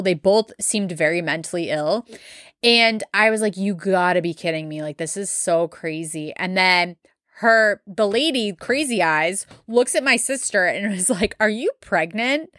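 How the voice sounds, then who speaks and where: A woman's voice: mid-range voice, a bit bright, dry recording, clean studio sound. A young woman hosting a podcast, telling a story in casual chat, full of fillers and blunt swearing. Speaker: podcast host.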